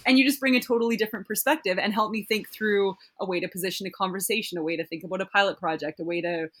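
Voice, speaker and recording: Woman chatting casually, lively storyteller, does little voices for quotes. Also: mid-range voice, very fast. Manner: animated storytelling, acts out quoted exchanges. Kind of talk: casual conversation.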